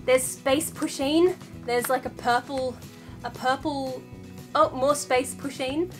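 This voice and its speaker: A woman chatting excitedly as she unboxes parcels at home, gushing over each item and scolding her pet. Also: high voice, takes it slowly, music in the background. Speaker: vlogger. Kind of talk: casual unboxing vlog.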